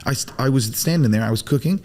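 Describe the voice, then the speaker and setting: A man telling stories as a podcast guest in casual chat, animated, acting out quotes and using Arabic religious phrases. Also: mid-range voice, quick pace. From Arab world.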